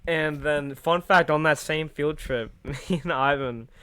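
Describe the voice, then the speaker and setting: A man's voice: on the high side, unhurried, a bit bright, smooth. A man telling a long rambling anecdote in casual podcast chat, swearing often and breaking into laughs. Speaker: podcast co-host. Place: indoor podcast setup.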